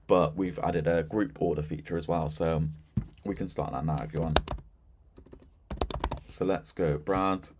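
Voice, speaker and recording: A man giving a casual, chatty walkthrough of a software system, with lots of fillers and a relaxed, informal delivery. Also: deep voice, unhurried, noisy background. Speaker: software demonstrator. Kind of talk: casual screen-share product walkthrough.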